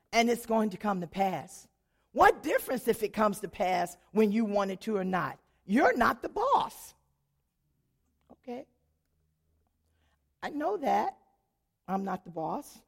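A woman's voice: fairly high pitch, creaky, husky. A woman giving a church testimony, telling her story animatedly, acting out the dialogue and laughing often.

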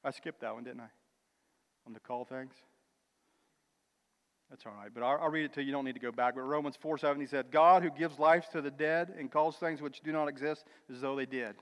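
A man preaching a sermon with emphatic, building declarations and quieter asides, calling listeners brother and sister. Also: medium pitch, fairly even intonation, fairly quick. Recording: long reverb of a large hall.

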